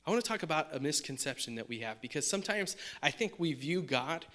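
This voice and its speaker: A man preaching a sermon in a conversational way, often asking his listeners questions. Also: quick pace. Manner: puts on a high excited dog-talk voice at times. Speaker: pastor.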